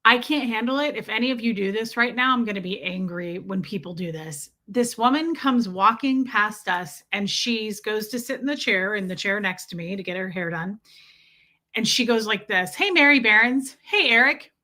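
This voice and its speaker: A woman in her forties hosting a live stream, telling stories in an animated, exasperated, chatty way. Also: medium pitch, normal speed. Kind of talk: casual live stream storytelling.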